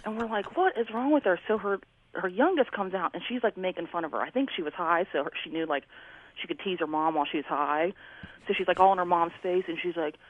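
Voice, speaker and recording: A woman on a call tells a story with lively energy, acting out other people's lines as she goes. Her voice comes through a thin, tinny phone line. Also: lowish voice, fast, no room sound. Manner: animated, acts out neighbors' lines. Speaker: caller.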